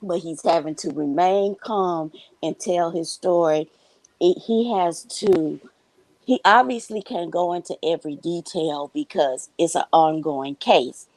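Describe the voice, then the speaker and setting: A woman's voice: on the low side, a little slow, a little mellow, dry recording, rough recording. A woman co-hosting a casual commentary show, giving blunt, profane opinions.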